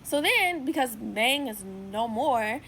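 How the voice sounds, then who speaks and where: A young woman casually recapping a TV episode, chatty and full of "like" and lively asides. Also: fairly high pitch, takes it slowly, a little hiss or hum, low-quality recording. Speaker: TV series reviewer. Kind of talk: casual episode review vlog.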